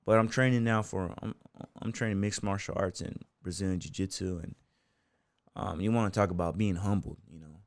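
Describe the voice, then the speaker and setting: An American man with a lowish voice tells a long anecdote as a podcast guest, loose and rambling, peppered with "you know" and "man". His voice is close and dry, with no room around it. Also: fairly quick, dry recording. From United States. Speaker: podcast guest, bull rider and gym owner. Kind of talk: casual storytelling interview.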